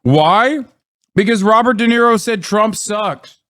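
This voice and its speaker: A man's voice: high voice, measured pace, fairly bright tone, no echo. A man live-streaming, ranting in blunt, profane casual commentary and mocking what he reacts to.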